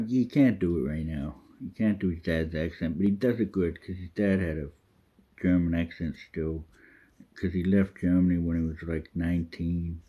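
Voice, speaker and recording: A man's voice: low voice, breathy edge, phone-quality sound. A man talking about himself in the third person in a rambling, profane monologue. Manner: swears freely, drifts off topic. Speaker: vlogger.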